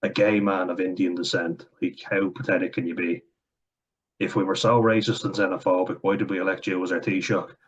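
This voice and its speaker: A man's voice: deep voice, level tone, a little fast, husky, muffled recording. An Irish man talking bluntly and profanely in a casual, sardonic opinion rant for his vlog. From Ireland. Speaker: vlogger.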